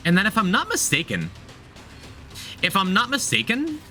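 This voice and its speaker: Lively, bright-voiced male game streamer. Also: sits high, moderate pace, faint music behind. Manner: chatty, thinks aloud, repeats himself, talks to chat. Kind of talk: casual gameplay commentary.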